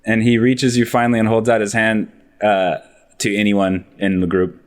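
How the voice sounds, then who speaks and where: A man's voice: lowish voice, flat delivery, moderate pace. A man narrating a tabletop game as game master, in a loose, laid-back way.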